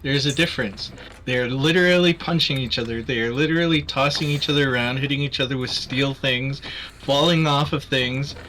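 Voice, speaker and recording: A man's voice: mid-range voice, fairly quick, bright, forceful tone, a little hiss or hum. A man hosting a charity stream, chatting casually while gaming, rambling and swearing as he gets heated about wrestling.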